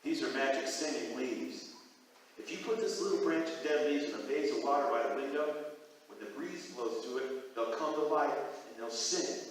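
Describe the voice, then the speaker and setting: A man voicing a small, kind gray cuckoo bird who speaks gently and reassuringly in a story. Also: medium pitch, moderate pace, close to an everyday voice. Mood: gentle. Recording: echoey hall from far off.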